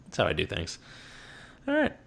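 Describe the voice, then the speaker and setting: A man co-hosting a podcast in casual chat, talking in halting bursts with many restarts and quick laughs. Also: a bit bright. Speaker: podcast co-host.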